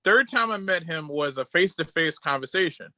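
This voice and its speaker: A man co-hosting a casual podcast over a video call, telling excited stories and quoting people in a lowered voice. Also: fairly quick, dry recording. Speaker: podcast co-host.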